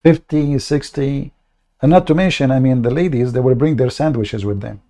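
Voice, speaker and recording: A man hosts a debate livestream in a gravelly, mellow voice. He talks in a mocking, sarcastic way, stopping often on fillers as he goes. His pitch sits in the middle range. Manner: halting, many fillers. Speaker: online debate host. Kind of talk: livestream commentary.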